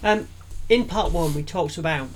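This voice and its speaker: A chatty woman co-hosts a relaxed faith podcast, drifting through thoughts with fillers and frequent laughter. Her voice sits on the low side, with a faint hiss under the recording. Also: moderate pace. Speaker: podcast co-host. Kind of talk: casual faith chat.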